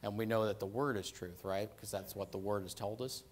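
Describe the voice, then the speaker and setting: Guy preaching a sermon, lowish voice, punches key words and repeats them, keeps asking "right?". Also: steady tone, brisk, slight background noise. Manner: emphatic, repeats phrases for stress; conversational, asks "right?" and "okay?".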